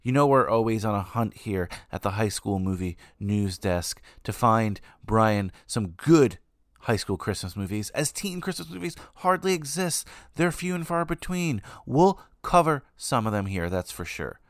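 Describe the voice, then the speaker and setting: Low-voiced chatty man hosting a podcast. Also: animated, a little slow, no room sound, studio quality. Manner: chatty, upbeat, rambling asides. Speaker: podcast host. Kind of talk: casual podcast chat.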